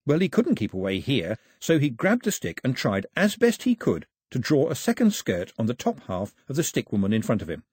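Husky, lively male audiobook narrator. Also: mid-range voice, brisk, few pauses, no room sound, studio quality. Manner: lively, expressive storytelling. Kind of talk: scripted narration. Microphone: close studio mic.

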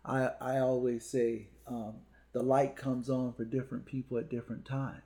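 A motivational speaker who visits schools chats on a podcast, leaning on punchy repeated lines and storytelling. His voice is medium-pitched and mellow, with a level tone at normal speed.

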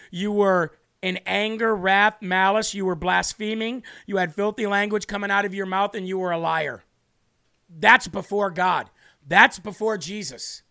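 A man's voice: high-pitched, creaky, pushed and bright. A man hosting a livestream devotional, talking fervently and reading viewer comments aloud. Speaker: online preacher.

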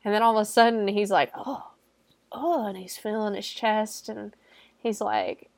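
A woman's voice: mid-range voice, fairly even intonation, moderate pace, vocal fry, dry recording. Chatty young woman recapping a film. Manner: chatty and irreverent, swears, laughs often, fills with "like". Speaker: movie reviewer. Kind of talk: casual spoken film recap.

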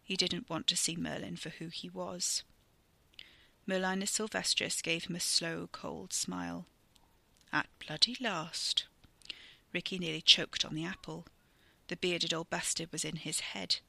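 A storyteller reading a fantasy chapter as scripted narration, vivid and steady. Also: medium pitch, moderate pace, gravelly, dry recording.

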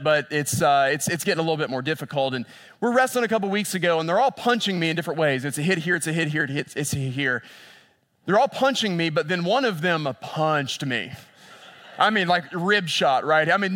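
A man preaching a sermon as a pastor. He moves between lively storytelling and hushed, intense passages, and repeats phrases for emphasis. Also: a little high.

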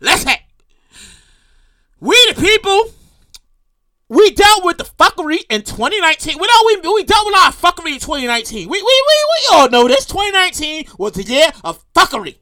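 A woman's voice: very high-pitched, a little fast. A woman hosting her own show, ranting in casual commentary, swearing freely and acting out what people said. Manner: animated, profane, acts out quotes. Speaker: show host.

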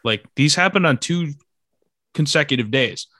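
A man's voice: on the high side, lively intonation, moderate pace, bright, forceful tone, no echo. Young man, podcast host, casual chat, fillers, dry sound. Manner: laid-back, filler-heavy, reads news items aloud.

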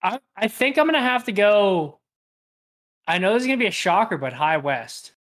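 A young man co-hosting a podcast, chatting in a relaxed way with many hesitations. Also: sits high, moderate pace. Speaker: podcast co-host. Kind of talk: casual chat.

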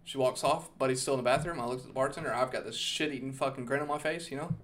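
A man's voice: medium pitch, rapid-fire, a bit bright. A man hosting a podcast, casually telling a long story, rambling and swearing, with "okay?" and "dude" thrown in. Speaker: podcast host.

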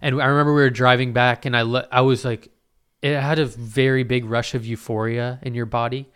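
A young man answering viewer questions in a casual vlog, swearing freely and talking in animated, exclamatory bursts full of fillers. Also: mid-range voice, a little fast, smooth. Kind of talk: casual Q&A storytelling.

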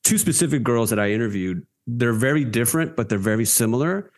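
A man's voice: medium pitch, lively intonation, a little fast. A man interviewing a veteran, asking short questions and sharing his own related research. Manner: brief reactions and questions.

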